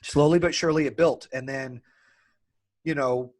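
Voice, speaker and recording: A man telling the story of building his business in an animated, candid way, swearing casually and acting out both sides of old arguments. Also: on the high side, normal speed.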